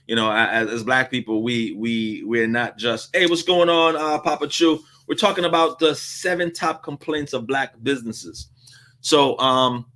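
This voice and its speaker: A man hosting a casual commentary, telling stories in an animated way and laughing often. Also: medium pitch. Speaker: host.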